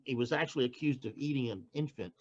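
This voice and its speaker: An older man speaks casually as a poet being interviewed. He keeps restarting and searching for words at a middle pitch, and the recording sounds dull and lo-fi. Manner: halting, with frequent restarts and fillers. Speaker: poet guest.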